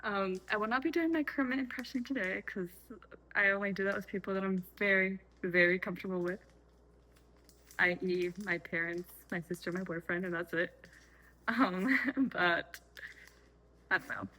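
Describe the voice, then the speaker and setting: The audio is poor as a young woman, a vlogger, chats off the cuff while making tea at home. She talks at normal speed with a medium pitch and a bright, forceful tone, rambling chattily and often using fillers and correcting herself.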